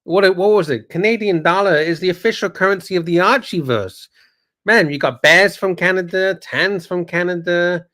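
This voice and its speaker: Aussie bloke co-hosting, chatty reactions, swears, voice a bit on the high side. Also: male voice, normal speed, pushed and bright. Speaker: livestream co-host. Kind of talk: casual livestream banter.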